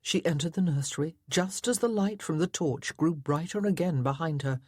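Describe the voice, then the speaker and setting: A woman's voice: low-pitched, normal speed, darkish tone, slightly rough, dry recording, clean studio sound. A woman narrating a historical romance audiobook in a dramatic, tense storytelling manner. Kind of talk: scripted narration.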